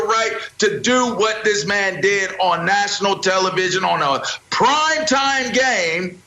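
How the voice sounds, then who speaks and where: Brief: male sports debater, bright and tense, swooping lively pitch, echoey room. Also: measured pace, few pauses. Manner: emphatic, repetitive, preacher-like build-ups.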